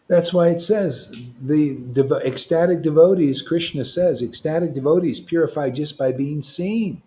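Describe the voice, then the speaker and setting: Animated slangy preacher man, fairly high voice. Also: normal speed. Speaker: devotional teacher. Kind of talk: informal preaching.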